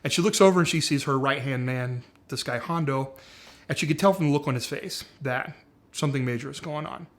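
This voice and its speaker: A man walks through a series pitch scene by scene, relaxed and conversational. His voice sits in a middle range and he fills pauses with "like" and "uh" as he goes. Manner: conversational, frequent "like" and "uh". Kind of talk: casual story pitch.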